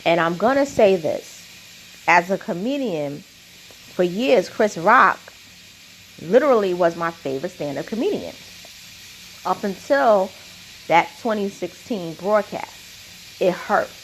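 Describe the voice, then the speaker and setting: Slow, emphatic woman commentator. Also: lowish voice, animated, a little hiss or hum, rough recording. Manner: emphatic, repeats points with "okay?". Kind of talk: opinionated commentary monologue.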